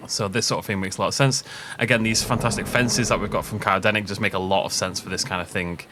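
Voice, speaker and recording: A man giving a casual, upbeat commentary on a video game park tour, chatty and quick to laugh at his own jokes. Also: fairly low pitch, fairly even intonation, noisy background.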